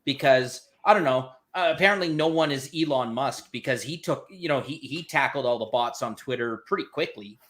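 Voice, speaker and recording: A man's voice: medium pitch, fairly quick, hardly any pauses, a bit bright. A man chatting casually on a livestream panel, jokey and talkative, reviewing a strong Scotch. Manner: chatty, jokey, puts on voices for laughs.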